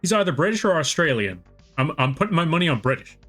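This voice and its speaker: A man's voice: a little high, big pitch swings, quick pace, fairly bright tone, faint music behind. Rambling American man streaming his drawing. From United States. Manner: rambling, self-deprecating, chats with viewers. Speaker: art streamer. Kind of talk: casual live-stream chat while drawing.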